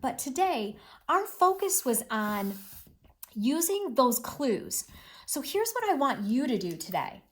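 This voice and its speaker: A woman teacher reads aloud to children and explains the story, her voice rising and falling a lot. She talks slowly and with clear emphasis, encouraging her listeners all the way through. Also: sits high, sing-song. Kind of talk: read-aloud reading lesson.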